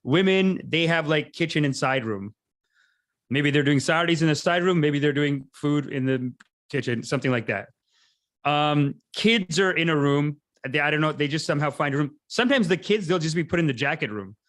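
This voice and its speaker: Male comic host, slightly high voice, casual rambling riffs full of asides. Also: lively intonation, fairly bright tone. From Canada. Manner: rambling, tangent-prone, quick asides. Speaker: podcast host, comedian. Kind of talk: casual comedic monologue.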